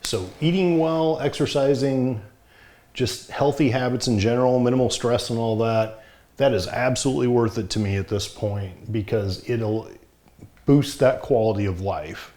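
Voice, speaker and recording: A man's voice: medium pitch, normal speed, warm tone. A middle-aged man talking frankly and plainly to the camera, wry at times, somewhat short of breath. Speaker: vlogger. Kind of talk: casual talk to camera.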